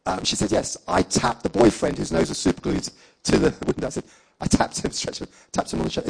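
A man preaching and telling a personal testimony as a story, acting out the dialogue with lively energy and laughing along. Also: on the high side, normal speed, creaky, husky, low-quality recording.

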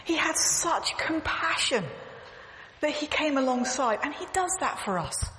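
A woman's voice: high-pitched, lively intonation, measured pace, pushed and bright. A woman giving an earnest, emphatic sermon, repeating phrases as she tells stories. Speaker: church speaker. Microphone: clip-on mic, echoing. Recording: echoey hall, faint background noise.

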